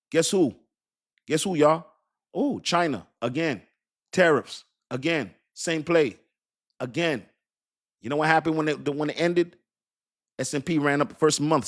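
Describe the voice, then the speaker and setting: Hyped-up man talking to his chat. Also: on the high side. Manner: emphatic, repetitive, talks straight to viewers with "y'all" and "you understand"; laughs and jokes about his own accent. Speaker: crypto streamer. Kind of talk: casual hype commentary to a live chat.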